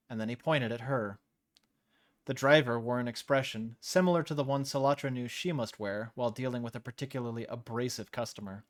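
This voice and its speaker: Man reading a story aloud on stream. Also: mid-range voice. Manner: casual, laughs off slips.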